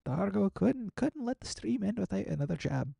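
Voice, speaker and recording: A man's voice: sits high, very animated, moderate pace, vocal fry, dark tone, husky, no room sound, studio quality. A young man streaming a game, rambling casually and answering his chat as he signs off. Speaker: gaming streamer.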